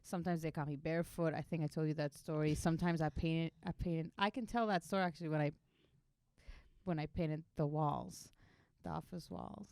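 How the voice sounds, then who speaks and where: A young woman from Israel with an Israeli accent, a podcast co-host telling a story in animated, laughing casual chat. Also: low-pitched, fairly quick, no echo. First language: Hebrew. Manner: animated, laughing, acts out voices in anecdotes.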